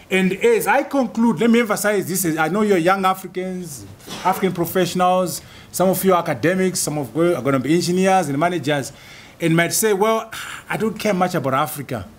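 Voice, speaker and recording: A man's voice: a little high, expressive, normal speed. A man from Zimbabwe giving an emphatic public lecture and building points through rhetorical lists. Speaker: guest lecturer.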